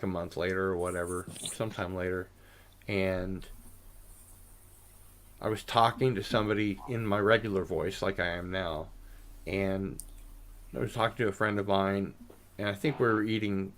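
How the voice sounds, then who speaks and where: A man with a fairly low voice hosts a casual livestream chat. He tells long, rambling stories with a self-deprecating, chatty manner. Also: a bit bright. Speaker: stream host.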